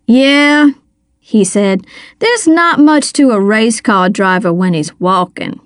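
Woman reads weary young male racer, low-key, storybook. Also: lively intonation, slow, no room sound, clean studio sound. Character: tired young man, easygoing race car driver.

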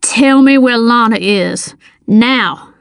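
A woman's voice: fairly high pitch, slow pace, smooth, dry recording, clean studio sound. A woman voicing a stern, commanding older military man in an audiobook, clipped and firm.

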